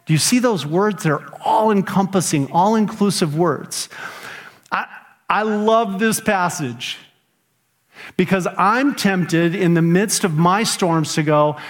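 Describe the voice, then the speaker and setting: A middle-aged man preaching a sermon as pastor, animated and earnest, acting out his own prayers and grumbling. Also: high voice, moderate pace.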